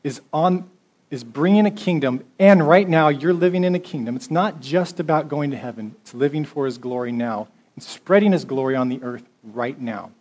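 A man's voice: on the high side, normal speed, darkish tone. A male pastor preaching a sermon, reading scripture aloud and building to emphatic exhortation in a conversational way.

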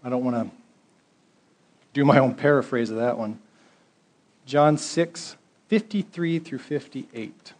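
A man's voice: mid-range voice, slow pace, long pauses, darkish tone. A male pastor preaching a sermon, reading scripture aloud and building to emphatic exhortation in a conversational way.

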